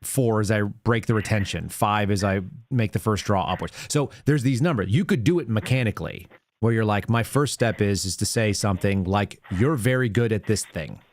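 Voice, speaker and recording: A man's voice: on the low side, moderate pace. A man hosting a call-in show, giving earnest advice in casual chat and walking through examples step by step.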